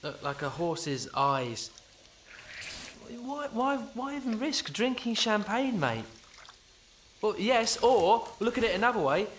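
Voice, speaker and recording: A man's voice: on the high side, a little slow, pauses often, a bit bright, slight background noise. An actor playing an awkward, rambling young Englishman at a wedding, talking in hesitant stammers and nervous laughs. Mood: urging. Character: awkward rambling man at a wedding, fumbling and overeager. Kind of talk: radio comedy monologue.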